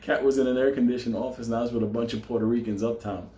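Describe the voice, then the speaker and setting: A man telling a profane story, laughing often and talking with animated energy. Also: medium pitch, racing. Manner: laughing, animated, heavy swearing. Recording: echoey room with faint ambience.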